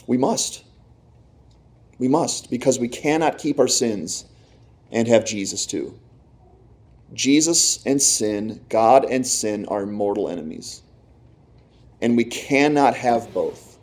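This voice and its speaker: Male pastor, mellow tone, preaching with strong shifts between loud and soft. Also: mid-range voice. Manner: emphatic preaching, swinging between loud and hushed. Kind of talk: sermon.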